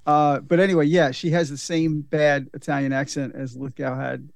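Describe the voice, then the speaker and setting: A man's voice: fairly high pitch, level tone, normal speed, vocal fry, no room sound. A man co-hosting a podcast, talking about a film in an emphatic, enthusiastic way and swearing freely. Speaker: podcast co-host. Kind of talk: casual movie review chat.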